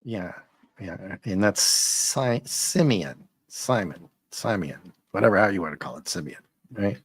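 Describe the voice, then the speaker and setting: A man's voice: deep voice, measured pace, husky, no echo, studio quality. A man co-hosting a casual comic book review, joking and laughing often as he talks. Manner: laughs often, animated and jokey. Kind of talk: casual conversational chat.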